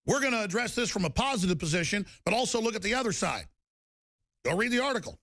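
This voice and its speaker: A man hosting a talk show, ranting in an emphatic, combative way that swings to shouted defiance. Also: high-pitched, very animated, fast, background noise. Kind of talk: heated talk-show rant.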